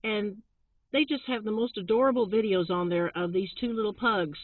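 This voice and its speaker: A woman's voice: mid-range voice, steady tone, normal speed, dry recording. Chatty woman on tinny audio. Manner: chatty, friendly, laughs often. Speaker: channel co-host. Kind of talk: casual chat recommending channels. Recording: tinny, phone-like sound.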